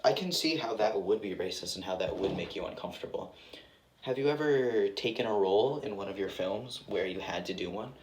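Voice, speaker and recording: A man hosts a casual interview and puts short, plain questions to his guest. His voice sits slightly low, and the space around him is roomy, with a faint hiss in the background. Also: a little fast.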